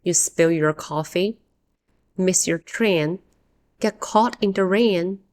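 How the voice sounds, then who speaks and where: A woman hosting an English-learning podcast, giving a scripted lesson in a clear, expressive way and acting out the example phrases. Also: lowish voice, takes it slowly. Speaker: English teacher and podcast host.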